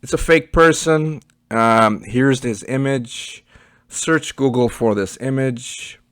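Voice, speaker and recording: A man's voice: mid-range voice, takes it slowly, a bit bright, clean tone, no echo. Blunt Canadian man reviewing, dry sound. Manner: chatty, blunt, leans on "okay" and "right?". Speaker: online business reviewer. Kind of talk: casual screen-share review.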